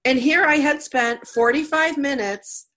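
A woman's voice: high-pitched, unhurried, a bit bright. Chatty woman host with a cold. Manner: chatty storyteller, laughs often. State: has a cold. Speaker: radio show host. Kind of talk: casual interview chat.

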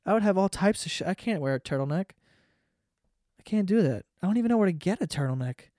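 A man's voice: high voice, lively intonation, fast, mellow, dry recording, clean studio sound. A man hosting a solo podcast in a casual comedic rant, profane, sarcastic and rambling. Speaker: podcast host.

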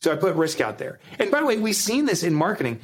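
Jersey guy guesting on a podcast, lively storyteller, acts out quotes. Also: high voice, quick pace, slight background noise. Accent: New Jersey. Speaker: guest author. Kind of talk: podcast interview.

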